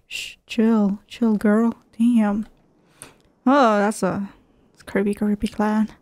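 A woman's voice: fairly high pitch, unhurried, darkish tone, soft background music. A woman playing a video game, swearing and giggling through sassy asides as she reads the game's dialogue aloud. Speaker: gameplay streamer. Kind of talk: let's play commentary, reading dialogue aloud.

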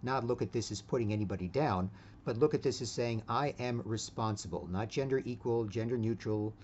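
A man's voice: mid-range voice, brisk, mellow, highs cut off, slight background noise. A man giving a casual opinion monologue, rambling with many restarts and constantly tagging his sentences with "right?". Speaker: vlogger.

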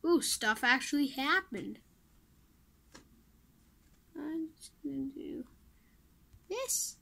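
A woman's voice: sits high, slow, vocal fry, a bit bright. A woman giving casual commentary while playing a mobile game, pleading with it and mocking herself in muttered asides.

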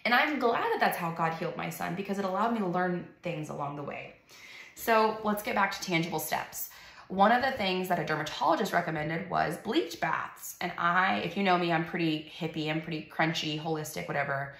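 A young woman tells a personal testimony with earnest feeling. Her voice sits low and has a gravelly fry. She is recorded in an echoey room. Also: expressive, fairly quick, a bit bright. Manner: earnest, emotional storytelling with casual fillers. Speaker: mother sharing her story.

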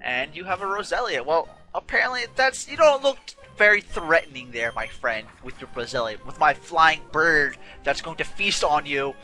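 Bright-voiced man rambling through a game. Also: on the high side, animated, normal speed, hardly any pauses. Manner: rambling, self-correcting, chatty. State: yawning, a bit tired. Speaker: let's play host. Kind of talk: casual gameplay commentary. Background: game music.

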